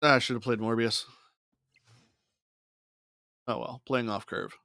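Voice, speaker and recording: A man's voice: mid-range voice, level tone, unhurried, sharp tone, no room sound, clean studio sound. A man casually talking himself through a digital card game as a streamer, muttering his moves and thoughts. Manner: muttering thoughts while playing. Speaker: gaming streamer. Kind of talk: casual gameplay commentary.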